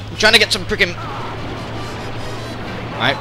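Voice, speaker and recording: A young man rambles through his gameplay commentary, and his voice swings widely as he flips between chatter and frustrated yelling. Loud game music runs underneath the whole time. He sounds excitable and scattered. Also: high-pitched, a little slow, pauses often. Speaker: let's play gamer.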